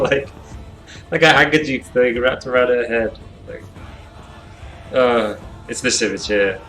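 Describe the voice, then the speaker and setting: A man's voice: medium pitch, steady tone, normal speed, a bit bright, faint music behind. A man talking casually on a live stream, rambling and thinking aloud as he designs characters, laughing often.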